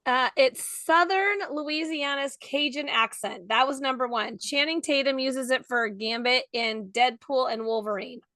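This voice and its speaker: A woman co-hosting a morning show, with quick, chatty reactions in casual banter. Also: high-pitched, bright, forceful tone, no echo. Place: radio studio.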